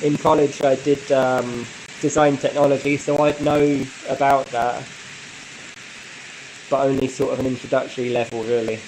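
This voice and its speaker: A man hosting a casual live stream, chatting in a relaxed way and answering viewer comments with frequent light laughs. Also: medium pitch, normal speed, slight background noise, low-quality recording. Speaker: model railway channel host.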